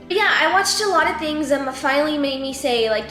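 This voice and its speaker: A woman's voice: high voice, expressive, brisk, hardly any pauses, a bit bright, reverberant, soft background music. A woman in her twenties, a boutique owner, giving a heartfelt and emotional motivational talk, rambling and teary with her voice cracking. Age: 20s. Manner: emotional, rambling, says "like" and "you know" a lot.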